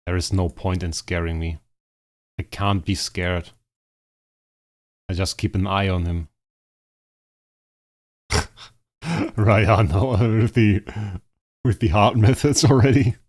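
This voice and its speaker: A hoarse man streaming a game live, commentating and fretting over a rival player while talking to his chat. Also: deep voice, steady tone, slow pace, long pauses. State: hoarse, strained voice.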